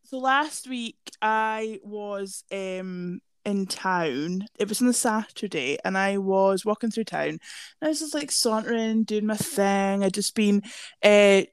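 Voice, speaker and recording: A woman's voice: mid-range voice, takes it slowly, clean tone, no echo. A young woman co-hosting a podcast, telling stories casually with lots of swearing. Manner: chatty, swears freely, lively storytelling. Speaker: podcast co-host.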